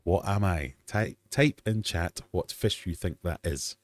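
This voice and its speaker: A man's voice: deep voice, animated, measured pace, hardly any pauses, no room sound. A Scottish man in his forties hosting a casual livestream quiz, bantering with chat in a jokey, self-deprecating way. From Scotland. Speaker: livestream host. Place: home fish room.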